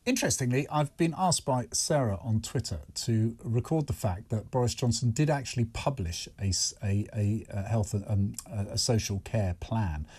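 Husky-voiced male talk-radio host. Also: lowish voice, moderate pace, hardly any pauses, a little mellow. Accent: British English. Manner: conversational, candid, self-correcting. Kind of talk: casual talk-radio chat with callers.

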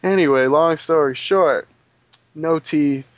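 A man's voice: a little high, takes it slowly, no echo, dull audio. A man co-hosting a casual gaming podcast, telling stories with lots of laughter and swearing. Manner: animated storyteller, laughs and swears freely. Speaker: podcast co-host.

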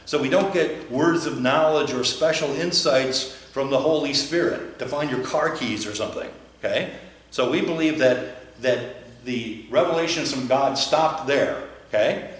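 A male pastor in a church delivers a chatty, joking, conversational sermon, often putting questions to the listeners. His mid-range voice moves a little slowly, and the church is very echoey.

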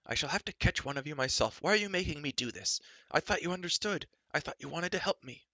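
A man's voice: medium pitch, fairly even intonation, fairly quick, vocal fry, bright, forceful tone, no room sound. A man voicing a whiny, self-pitying male giant who wails and pleads in a storybook reading. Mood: whining. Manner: wailing, pleading.

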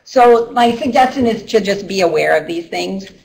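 A woman's voice: mid-range voice, lively intonation, moderate pace, vocal fry, a little mellow, a little hiss or hum. A middle-aged woman and ESL teacher presenting a training workshop in a loose, conversational way with many ums and restarts. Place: workshop room. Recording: voice from a distance.

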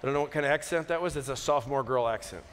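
A man preaching a sermon, earnest and unhurried, moving from quiet reflection to emphatic peaks with joking asides. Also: mid-range voice, slight background noise. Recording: long hall reverb.

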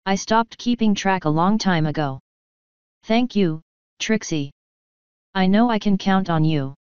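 A woman's voice: mid-range voice, a little slow, a little mellow, clear, resonant tone, no echo, lightly acted. A woman voicing a young female pony mage, soothing and reassuring, in a storybook reading. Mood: calm. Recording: dull lo-fi dry recording.

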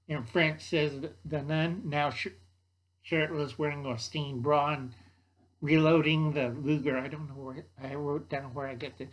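An older man with a slightly high voice rambles through a movie plot he wrote down, stumbling over his notes. His delivery is loose and chatty, full of asides and restarts. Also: flat delivery, unhurried, low-quality recording. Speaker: YouTube host.

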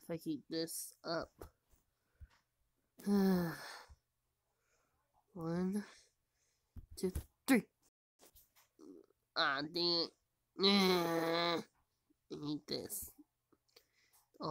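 A woman who is sick and hoarse, talking tiredly through a game and often dropping to a whisper. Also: deep voice, animated, drawn-out words, pauses often, no echo. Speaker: gamer. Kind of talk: casual gameplay commentary.

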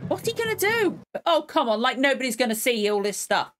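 A woman's voice: high voice, big pitch swings, a little fast, over music. A woman hosting a reaction video, chatting casually and exclaiming as she watches.

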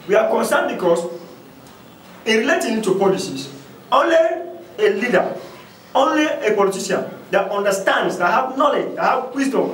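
A man giving a university lecture, emphatic and repetitive, swinging from loud stressed points down to low asides. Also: roomy sound, far from the mic, slight background noise, poor audio.

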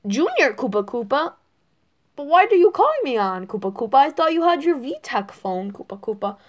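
A woman voicing a goofy male turtle kid who mumbles softly and keeps repeating a catchphrase. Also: high-pitched, sing-song, moderate pace.

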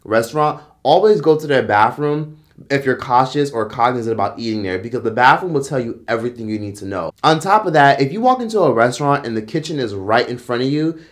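A man rants through vlog commentary, blunt and full of profanity. His voice sits at an everyday middle pitch. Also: animated, fast talker. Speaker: commentary vlogger. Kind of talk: opinionated commentary.

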